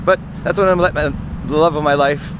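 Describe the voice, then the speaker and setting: A man's voice: on the high side, steady tone, fairly quick. Rambling man over traffic noise. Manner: meandering, self-correcting, trails off into asides. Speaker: vlogger telling personal stories. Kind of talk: casual rambling monologue.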